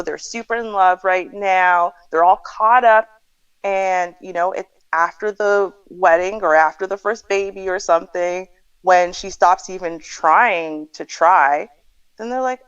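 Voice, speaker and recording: A woman's voice: lowish voice, smooth, no room sound. A woman co-hosts a livestream advice show, explaining her view thoughtfully. Her audio is dry and slightly dull. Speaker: co-host.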